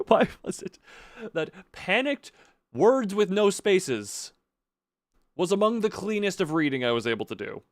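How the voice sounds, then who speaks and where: A young man streaming a game live, reading the story text aloud and reacting loudly to it. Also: sits high, very animated, unhurried, long pauses, dry recording.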